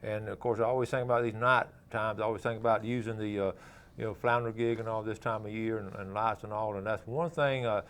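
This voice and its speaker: A man's voice: lowish voice, fairly even intonation, fairly quick, fairly bright tone, smooth. A man hosting a local fishing show, chatting and demonstrating step by step in a folksy way, often ending sentences with "okay?". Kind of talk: casual how-to demonstration and chat.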